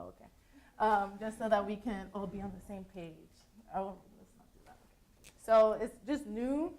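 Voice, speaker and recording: A young woman giving a casual, chatty conference presentation to a room, laughing easily as she talks. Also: mid-range voice. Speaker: student presenter.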